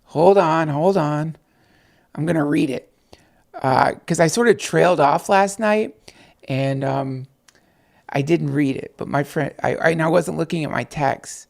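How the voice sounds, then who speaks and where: Gravelly rambling livestream host, a man. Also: fairly high pitch, measured pace. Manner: rambling, profane, excitable, talks to viewers. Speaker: podcast host on a night livestream. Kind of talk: casual rambling livestream chat.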